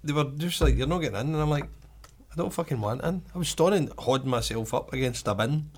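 A man's voice: on the high side, fast. A young Scottish man with a Glasgow accent, swearing and telling stories in casual chat. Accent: Glaswegian Scottish. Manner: swearing, storytelling, lively.

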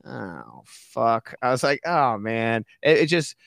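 A man, a podcast guest, telling a story casually and acting out quotes in high voices. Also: lively intonation, slow, creaky, fairly bright tone, no room sound, clean studio sound.

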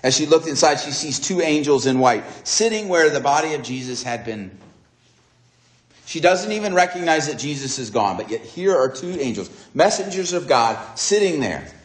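A man preaching a sermon, retelling a story dramatically and acting out its dialogue with swings between soft and raised delivery. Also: on the high side, expressive, moderate pace, echoey room.

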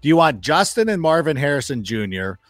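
A man as a guest football analyst in a casual sports chat, telling animated stories, acting out quoted remarks and swearing freely. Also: a little high, a little fast, no room sound, studio quality. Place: studio.

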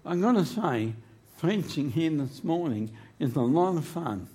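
A man's voice: fairly high pitch, lively intonation, a little slow, dark tone, slight background noise. A man preaching a sermon in church into a microphone, emphatic and humorous, drawing his phrases out. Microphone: handheld microphone.

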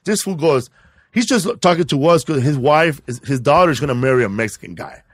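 A man co-hosting a podcast, telling a rowdy story in loose, profane casual chat that breaks into loud excited bursts. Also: fairly high pitch, a little fast, no room sound, clean studio sound. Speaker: podcast co-host.

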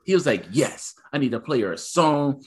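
Man, 30s, podcast co-host, casual storytelling, acts out voices, mid pitch. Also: normal speed, a little hiss or hum. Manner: animated, acts out his son's lines.

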